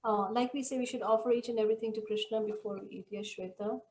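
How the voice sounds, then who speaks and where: A woman hosting an online scripture study group, leading the discussion and telling stories in an animated way over a video call. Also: on the high side, fast talker, slight background noise. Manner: animated storyteller. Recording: roomy echo.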